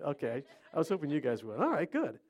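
A man's voice: fairly high pitch, wildly swooping pitch, quick pace, a little mellow. A middle-aged man from Ohio preaching an interactive sermon, chatting with his listeners and quizzing them by name. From Cleveland, Ohio.

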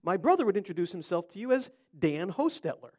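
A man's voice: high voice, sing-song, fast talker, a little mellow. A middle-aged man from Ohio preaching an interactive sermon, chatting with his listeners and quizzing them by name. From Cleveland, Ohio.

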